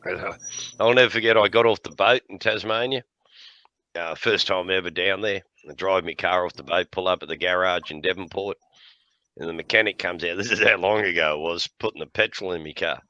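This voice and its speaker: A man's voice: sits low, fairly quick, dry recording, highs cut off. An Australian man hosting a live stream, swearing freely and laughing as he tells stories. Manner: laughs often, swears freely, lively yarn-spinning. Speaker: livestream host. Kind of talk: casual chat with jokes and yarns.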